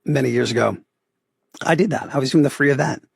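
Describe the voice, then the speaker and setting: A middle-aged man from Boston with a Boston accent, a podcast guest telling stories about his photography business in a casual, animated way, often adding "right?". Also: medium pitch, brisk, vocal fry, slightly rough, dry recording, studio quality. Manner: animated storyteller, acts out quoted voices, often adds "right?". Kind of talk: casual interview storytelling.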